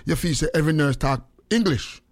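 A Jamaican man with a slightly raised voice talks in a loose, lively way. He hosts the chat, slipping between English and patois as he lectures and jokes. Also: a little high, brisk. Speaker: radio host. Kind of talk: casual chat.

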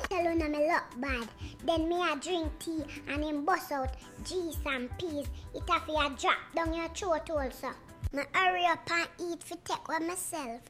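A young woman with a Jamaican accent doing a cheeky comic monologue. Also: very high-pitched. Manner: cheeky, complaining storyteller. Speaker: comedic performer.

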